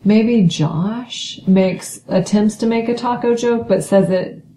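A woman's voice: medium pitch, slow pace, mellow, a little hiss or hum. A woman co-hosting a podcast, chatting casually and playfully about a TV show. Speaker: podcast co-host. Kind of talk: casual chat recapping a TV show. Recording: echoey room.

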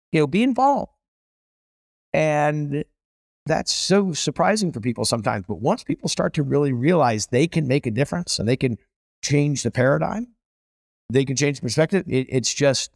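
A man's voice: mid-range voice, very animated, normal speed, vocal fry, dry recording, clean studio sound. A middle-aged man, a celebrity chef guest, telling stories with energy and emphasis in a casual conversation.

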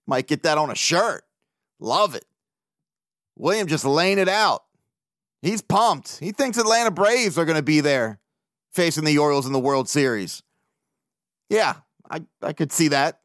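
A man hosting a casual solo podcast, swearing freely, animated and laughing often as he talks. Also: sits high, no echo, studio quality. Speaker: podcast host.

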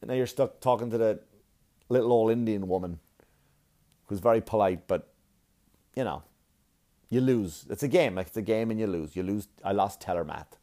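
Profane, animated male stand-up comic. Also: lowish voice, moderate pace, long pauses. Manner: profane, animated storytelling with exaggerated quoted voices. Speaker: stand-up comedian. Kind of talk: stand-up comedy set.

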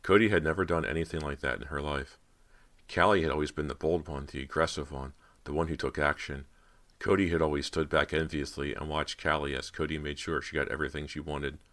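A man narrating a horror audiobook in a steady, measured storytelling manner. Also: a bass voice.

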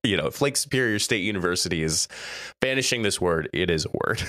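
A young man co-hosting a chatty podcast, his pitch swinging widely as he reads entries with mock gravity. The sound is close and dry, with no room echo. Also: moderate pace. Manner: animated, laughs often, reads quotes with mock gravity. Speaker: podcast co-host. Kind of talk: casual chat, reading list entries aloud.

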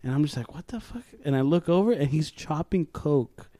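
A young man co-hosting a podcast, telling swearing-laced stories in animated chat and acting out the quotes. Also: a little high, normal speed, slight background noise. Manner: profane, animated storytelling with acted quotes. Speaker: podcast co-host. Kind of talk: casual chat.

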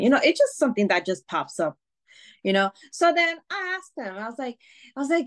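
A woman's voice: medium pitch, big pitch swings, moderate pace. A woman guest on a podcast, telling a personal story candidly, with swearing, fillers and restarts. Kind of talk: casual storytelling.

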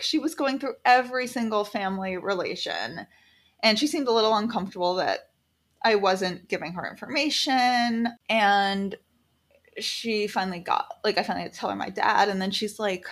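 A woman casually telling a personal story, animated and quoting people in lively voices. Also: medium pitch, moderate pace.

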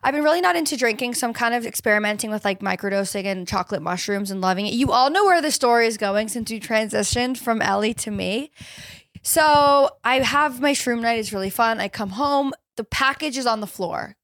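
A woman with a fairly high voice trades playful jokes on a podcast, swearing without a second thought. Her talk is loose and casual. The sound is close and dry, with no room around it. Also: lively intonation, fairly quick, fairly bright tone, dry recording. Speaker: podcast co-host. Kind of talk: casual chat.

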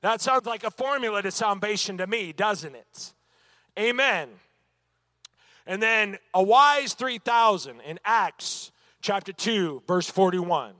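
A man's voice: high-pitched, expressive, takes it slowly, bright, forceful tone, dry recording. Male Bible teacher, emphatic delivery, dry close sound. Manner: emphatic, punctuated with "amen" and rhetorical questions. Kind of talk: church Bible lesson.

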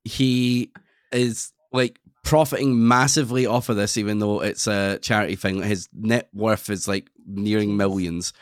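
A man co-hosting a podcast in casual chat, swearing and ranting with rising excitement. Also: lowish voice, unhurried, clear, resonant tone, dry recording, clean studio sound. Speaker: podcast co-host.

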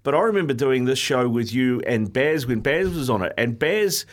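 A man's voice: medium pitch, expressive, normal speed. Hesitant male radio co-host. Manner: hesitant, searching for words. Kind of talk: casual studio chat. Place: radio studio.

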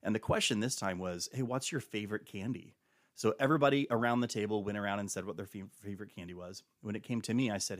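A man in his forties, a podcast guest telling family stories in a casual, animated way and acting out the dialogue. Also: lowish voice, quick pace, no room sound, studio quality.

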